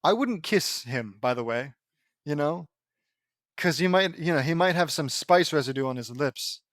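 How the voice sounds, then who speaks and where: A man's voice: fairly high pitch, lively intonation, normal speed, a bit bright, dry recording. A man reading fan fiction aloud and breaking off into sarcastic, mocking commentary. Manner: sarcastic, mocking, easily exasperated.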